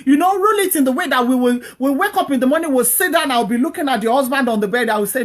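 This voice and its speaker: A woman's voice: sits high, lively intonation, quick pace, hardly any pauses. A woman giving casual, preachy marriage advice, repeating her points earnestly and acting out what couples should say. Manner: earnest, repetitive, preachy, acts out quoted speech. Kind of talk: casual advice talk to an online audience.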